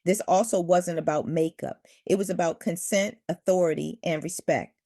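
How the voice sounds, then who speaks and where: Low-voiced woman giving firm commentary. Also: dark tone, dry recording, studio quality. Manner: firm, measured, lecturing. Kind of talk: scripted commentary.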